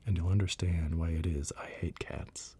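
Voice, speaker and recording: A man voicing a touchy little mouse in a bedtime storybook reading, in whispered role-play, shrill and indignant. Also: fairly even intonation, moderate pace, dark tone, slightly rough.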